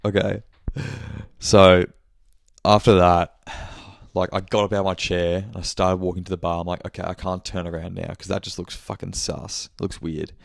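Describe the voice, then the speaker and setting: A young man hosting his podcast rambles through a story during a casual monthly check-in chat, swearing and correcting himself along the way. His voice is low and level with vocal fry, at a moderate pace, in a studio-quality recording with no echo.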